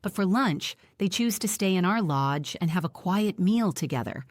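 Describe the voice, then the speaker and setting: A woman narrating a first-person audiobook in a plain, even storytelling manner. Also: lowish voice, moderate pace, dry recording, clean studio sound.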